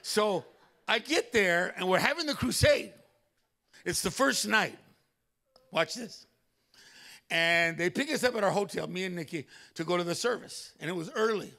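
A male pastor preaching a sermon in a church, telling stories animatedly with loud exclamations. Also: high voice, lively intonation, moderate pace, gravelly, pauses often.

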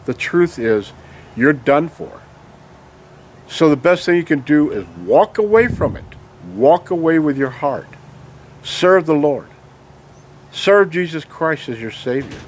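Ranting angry man, fairly high voice. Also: lively intonation, measured pace, slight background noise. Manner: ranting, emphatic, repeated "okay?" and rhetorical questions. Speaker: video blogger. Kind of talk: angry monologue to camera.

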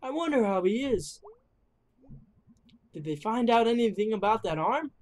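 A gamer playing a folksy, gentle middle-aged dad. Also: medium pitch, animated, normal speed, pitched above the performer's own voice, close to an everyday voice. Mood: fond, folksy. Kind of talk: reading game dialogue aloud.

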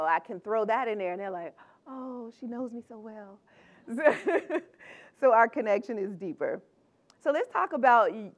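A woman's voice: medium pitch, muffled recording. A middle-aged woman giving a chatty, upbeat conference talk, laughing often between her points. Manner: upbeat, conversational. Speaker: conference speaker.

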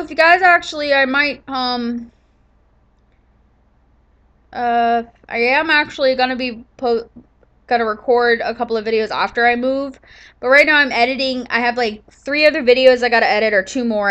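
A sleepy, yawning woman talks casually over her gameplay footage. Her voice sits a little high. She rambles, trails off and restarts her sentences often. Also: moderate pace, fairly bright tone, dull audio. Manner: rambling, with many fillers and restarts. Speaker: gaming channel host.

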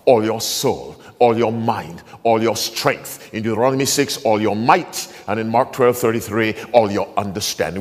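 A man preaching a sermon as pastor, slowing down and stressing key phrases while quizzing his congregation. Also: fairly low pitch. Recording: long hall reverb.

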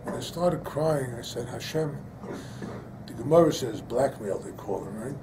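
In this Torah lesson, the older rabbi's mid-range voice is expressive and moves at normal speed, though the background is noisy. A personal anecdote gives way to preaching of rising intensity, laced with Hebrew and Yiddish-inflected terms.

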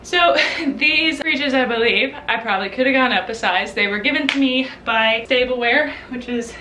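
A woman's voice: on the high side, normal speed, distant mic, background noise. A young woman in her twenties chatting casually in a vlog, self-deprecating and laughing often, a little out of breath. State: slightly out of breath from changing clothes. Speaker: equestrian vlogger. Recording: echoey room, camera mic away from her.

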